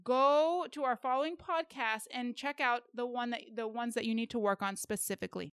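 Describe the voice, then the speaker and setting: A woman's voice: fairly high pitch, a little fast, smooth, dry recording, clean studio sound. A woman co-hosting a faith-based self-help podcast, talking to listeners in a direct, upbeat and encouraging way. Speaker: podcast co-host.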